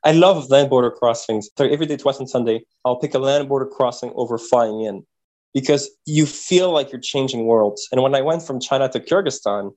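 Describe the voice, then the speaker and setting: Man, animated storyteller, mid-pitched, podcast guest. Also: brisk, rough recording. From Quebec, Canada. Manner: animated, repeats words while thinking. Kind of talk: casual interview storytelling.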